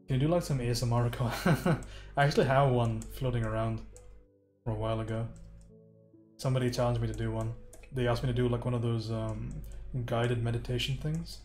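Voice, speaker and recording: Brief: casual male livestream painting tutor, mid-pitched, loose and talkative. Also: a little mellow. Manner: chatty, swears, talks to chat. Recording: roomy echo, faint music.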